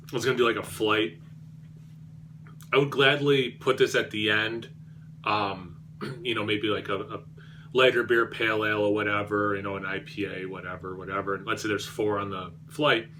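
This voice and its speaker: A man's voice: lowish voice, steady tone, moderate pace, long pauses, fairly bright tone, slight background noise. A man reviewing beer on his vlog, rambling and self-deprecating, with many fillers and restarts.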